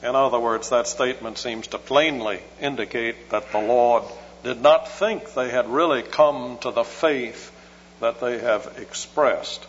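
A man preaching an expository sermon in a measured, scholarly way with dry humor. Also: medium pitch. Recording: muffled hall recording with hum.

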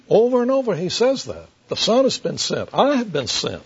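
A man preaching an expository sermon to a congregation, slow and deliberate, emphatic, with light asides to his listeners. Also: sits high, huge pitch swings, slightly rough. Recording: dull lo-fi sermon recording.

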